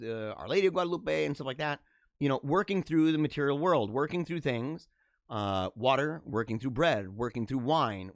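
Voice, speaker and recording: A man hosting a livestream, chatting casually and answering viewer comments in an animated, talkative way. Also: medium pitch, dry recording, clean studio sound. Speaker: livestream host.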